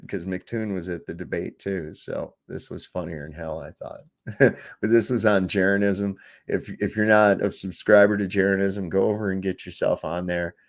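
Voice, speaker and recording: A man's voice: low-pitched, dry recording, clean studio sound. A man hosting a casual live stream, laid-back and laughing along.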